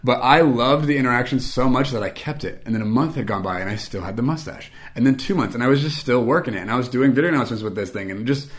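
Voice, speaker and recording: Animated man telling a rambling story. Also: medium pitch, fast talker, few pauses. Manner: animated, rambling, self-mocking. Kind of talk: casual anecdote.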